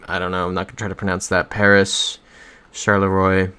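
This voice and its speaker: A man's voice: low voice, completely flat delivery, a little fast, sharp tone, clean tone. A young man chatting casually on a livestream while playing a geography game. He rambles through stories and reads viewer comments aloud.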